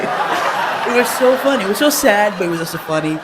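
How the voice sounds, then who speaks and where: A woman's voice: mid-range voice, animated, fairly quick, heavy background noise. Giggly young woman telling childhood stories. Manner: giggles often while telling stories, acts out quotes. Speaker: comedy show host. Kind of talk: laughing personal storytelling.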